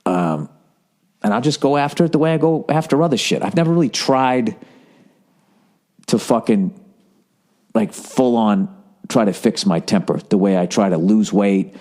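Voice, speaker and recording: A man's voice: fairly low pitch, animated, moderate pace, pauses often, darkish tone. A man talking in a casual, rambling monologue, swearing freely and poking fun at himself. He tells a story in a loose, unscripted way, full of restarts and asides. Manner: profane, rambling, self-mocking. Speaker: comedian and podcast host.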